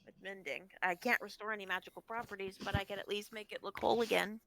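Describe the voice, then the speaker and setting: Woman w a mid voice, practical measured player in an online tabletop game. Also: mid-range voice, fairly even intonation, vocal fry, fairly bright tone. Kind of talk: casual tabletop play over a stream.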